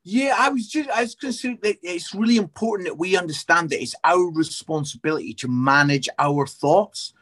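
A lively Scottish man in his forties with a notably high voice, chatting as a guest on a faith podcast. He tells stories with energy and keeps the talk moving. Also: moderate pace, few pauses. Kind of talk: casual interview chat.

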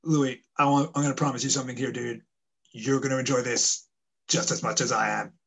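A man's voice: mid-range voice, steady tone, a little fast, a bit bright, breathy edge. A young man, co-hosting a podcast in a brash, sweary, joking chat. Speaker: podcast co-host. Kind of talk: casual chat.

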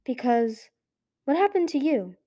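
A woman's voice: sits high, sing-song, measured pace, warm tone, voice pushed up, heavily acted. A woman voicing a nervous, talkative young female dragon who stumbles over her words. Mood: flustered. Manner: flustered, stumbling, eager. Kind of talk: audiobook character voice.

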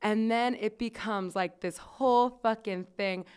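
A woman's voice: medium pitch, fairly even intonation, measured pace, a little mellow, smooth. A woman podcast host telling a story in casual chat, chatty and swearing freely, with lots of "like" fillers.

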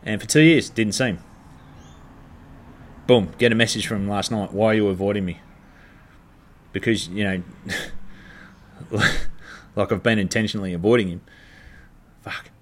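A man's voice: lowish voice, fairly even intonation, moderate pace, pauses often. An Australian man, a stand-up comedian, telling a story in a casual monologue, blunt and heavily profane, ranting in exasperation.

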